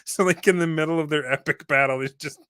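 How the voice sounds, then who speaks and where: A man hosting a live stream chat about tabletop gaming, enthusiastic and quick to laugh. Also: a little high, a bit bright, smooth, dry recording, clean studio sound. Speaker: host. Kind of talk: casual chat.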